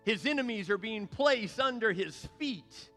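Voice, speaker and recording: A man's voice: high voice, expressive, unhurried, pushed and bright, soft background music. A male pastor preaching a sermon in an emphatic, repetitive cadence. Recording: long reverb of a large hall.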